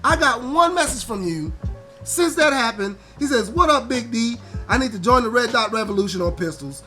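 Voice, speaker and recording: A man hosting a casual vlog, loud and teasing at times, relaxed when he explains. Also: normal speed, soft background music. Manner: loud trash-talking teasing, rising high when excited. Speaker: vlogger host. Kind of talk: casual chat to the camera.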